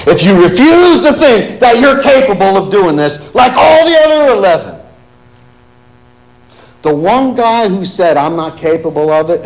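A man preaching a sermon in a church, his voice pitched high and swinging widely as he talks. He pushes the congregation with rhetorical questions and reads scripture with dramatic weight. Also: poor audio. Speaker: pastor.

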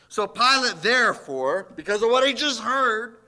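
A man's voice: very high voice, animated, moderate pace, pushed and bright. A man preaching a sermon, emphatic and full of rhetorical questions aimed at his listeners. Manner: slips into mocking quoted voices.

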